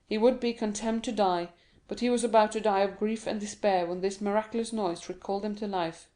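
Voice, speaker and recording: A woman narrates a classic novel as an audiobook in a steady, even read. Her pitch sits at a middle level. Her tone is dark and mellow. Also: brisk. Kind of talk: scripted narration.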